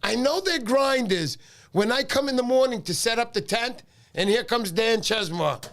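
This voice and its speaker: A man's voice: very high voice, lively intonation, normal speed, a bit bright. A man hosting a casual fishing livestream, tired, greeting viewers by name in a friendly way.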